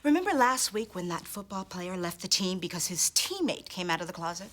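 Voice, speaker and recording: A prim, pedantic publicist. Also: female voice, on the low side, expressive, fairly quick, a bit bright. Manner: pedantic, clipped and conspiratorial. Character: prim fussy female publicist, secretive fixer. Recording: sitcom soundtrack with audience laughter.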